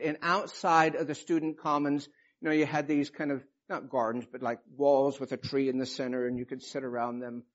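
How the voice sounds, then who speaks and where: A man in his fifties preaching a sermon, telling a personal story with emotion and reading scripture with rising passion. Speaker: pastor. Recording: muffled low-fidelity recording.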